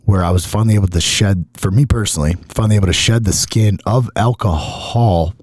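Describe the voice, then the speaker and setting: A man's voice: on the low side, fairly quick, darkish tone, no echo, clean studio sound. A middle-aged man hosting a podcast, talking candidly and emotionally and swearing often. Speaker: podcast host.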